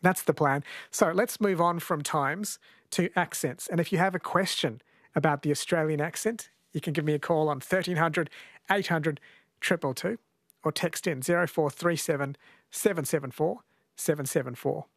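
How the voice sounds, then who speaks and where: A man's voice: a little high, normal speed, no echo, studio quality. A man from New Zealand hosting a radio talk show, chatty and asking long questions. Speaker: radio host.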